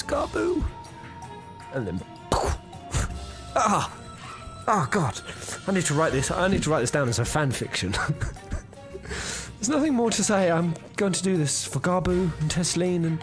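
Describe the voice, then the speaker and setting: A man's voice: on the high side, very animated, moderate pace. A young man streaming a game, chatting casually, teasing himself and laughing often. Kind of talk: live let's-play commentary. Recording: game music underneath.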